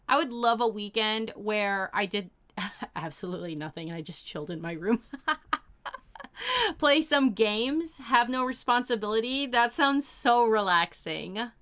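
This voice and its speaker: A young woman chats away on her stream, reading messages and gushing over them with lots of fillers. Her voice is bright and smooth, pitched a touch high. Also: expressive, a little slow. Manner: bubbly, gushing, lots of "oh my gosh" and "like". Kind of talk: casual chat.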